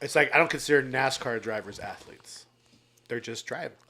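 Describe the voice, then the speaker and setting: A man's voice: mid-range voice, normal speed, background noise. A man co-hosting a casual podcast, crude and joking, acting out what others said. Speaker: podcast co-host.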